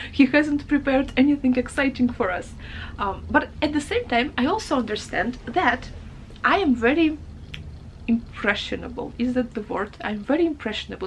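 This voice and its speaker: A woman book vlogger talks casually to her viewers in a fairly high voice, with a faint hum of noise behind her. She sounds emotional and chatty, laughs a lot and trips over her words. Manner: emotional, chatty, laughs often, hesitant restarts. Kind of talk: casual chat to camera.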